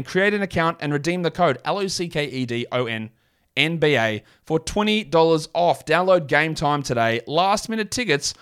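A man's voice: fairly high pitch, fairly bright tone, smooth. Blunt, rambling male podcast host. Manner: blunt, rambling, self-mocking. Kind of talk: casual solo podcast talk.

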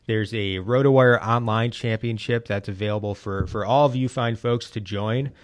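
A man hosting a casual sports podcast, rambling and animated with frequent restarts. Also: lowish voice, moderate pace, dry recording. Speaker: podcast host.

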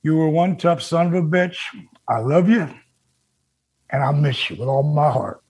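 A man's voice: a little high, expressive, moderate pace, a little mellow, slightly rough. An older man hosting a podcast, reading out an emotional tribute, choked up and near tears, swearing as he talks. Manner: reads a tribute, breaks into tears and profanity. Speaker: podcast host.

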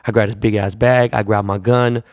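A man's voice: lowish voice, flat delivery, moderate pace, a little mellow, no echo, studio quality. A man, a jeweler, telling a long casual anecdote in a profane, rambling way, acting out the people he quotes. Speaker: jeweler and store owner.

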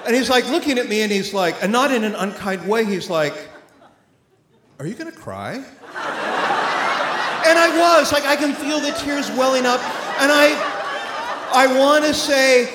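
A man telling a personal story on stage at a live event, animated and often laughing as he speaks. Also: extremely high pitch, unhurried, a faint crowd. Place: theater stage before an audience. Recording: roomy live hall with faint noise.

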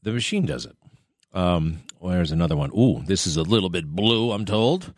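Low-voiced, chatty podcast host, dry sound. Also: male voice, expressive, normal speed, no echo. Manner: rambling, chatty, asides and laughs. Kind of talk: casual monologue.

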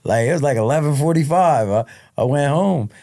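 A man's voice: on the high side, lively intonation, a little fast, dark tone, no room sound, clean studio sound. A man being interviewed on a podcast, telling his life story in a frank, casual way and often restarting his words. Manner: frank, repeats word starts. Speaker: podcast guest.

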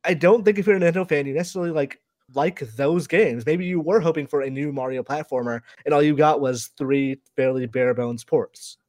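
A man co-hosting a casual gaming news podcast, talking through his views in a measured, analytical way. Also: on the high side, a little mellow. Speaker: podcast co-host.

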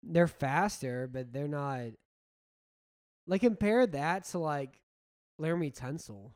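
Young man with a smooth voice, chatting. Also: fairly high pitch, takes it slowly, no room sound. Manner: animated, storytelling, laughs easily. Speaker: podcast co-host. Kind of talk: casual chat watching an old football game.

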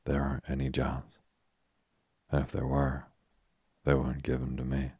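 Brief: a man voicing a gloomy, honest young ex-soldier in a storybook, very low, husky voice. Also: no echo, studio quality, exaggerated voice. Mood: glum. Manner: soft, even, unhurried reading.

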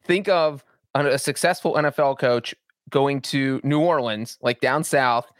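Man, wry podcast co-host, mid-pitched, dry close recording. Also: a little slow, no room sound. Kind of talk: casual sports podcast chat.

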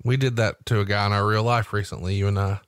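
A man's voice: lowish voice, fast talker, clear, resonant tone, no echo. Wry man reading aloud, dry close mic. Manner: steady read-aloud delivery with wry asides. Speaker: podcast host. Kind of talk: reading a memoir aloud and asking questions.

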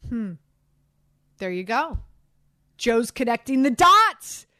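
Woman sports radio host, kinda high voice, rambly and animated, dry studio sound. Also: slow, dry recording. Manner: animated, chatty, self-deprecating, many fillers. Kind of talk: casual sports talk chat.

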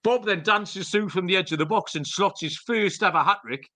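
A man's voice: sits high, moderate pace, pushed and bright. A middle-aged man co-hosting a podcast, telling rambling, jokey stories with some swearing in casual chat. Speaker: podcast co-host.

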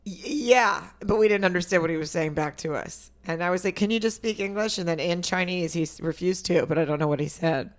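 A woman's voice: fairly low pitch, fairly quick, few pauses. A woman co-hosting a comedy podcast, chatting casually and telling stories full of "like" and fillers. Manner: chatty storytelling with many fillers. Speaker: podcast co-host.

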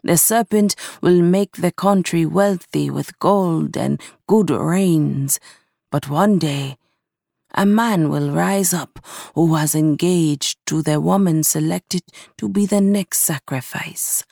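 A woman reading the part of a wise old male storyteller who speaks in a hushed, reverent tone. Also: fairly low pitch, slow pace, vocal fry, no echo, studio quality, heavily acted. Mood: solemn.

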